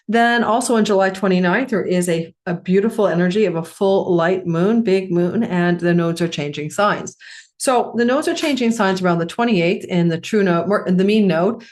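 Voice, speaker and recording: Throat-clearing woman astrologer, husky from talking. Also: medium pitch, moderate pace. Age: middle-aged or older. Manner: chatty, laughing, repeats and corrects herself. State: tickle in throat, coughing and clearing throat. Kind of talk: astrology forecast monologue.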